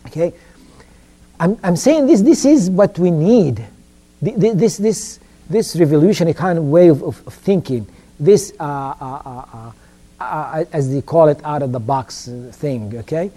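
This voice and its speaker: Man, informal lecture, halting delivery, repeats himself, mellow tone. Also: on the high side, lively intonation. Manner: halting, repeats words, keeps asking "okay?".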